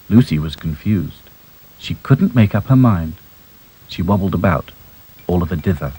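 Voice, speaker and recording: A man narrating a children's story in a gentle, unhurried way. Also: low-pitched, lively intonation, husky, low-quality recording.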